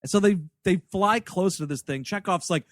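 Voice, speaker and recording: Man, podcast co-host, casual chat, high voice, animated retelling, dry close mic. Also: no echo. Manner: animated storytelling, acts out characters in quick asides. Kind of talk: casual chat, movie review.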